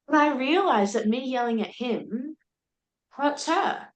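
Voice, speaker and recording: Animated young woman telling a story. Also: a little high, measured pace. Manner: animated retelling with laughs and quoted speech. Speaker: podcast guest. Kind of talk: candid storytelling in conversation. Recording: roomy echo.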